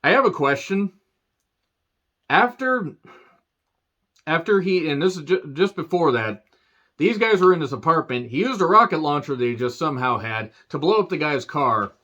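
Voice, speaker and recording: A man's voice: on the high side, lively intonation, normal speed, pauses often, bright, forceful tone, muffled recording. A man giving a casual, profane movie review rant, sarcastic, with laughing asides. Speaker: film reviewer.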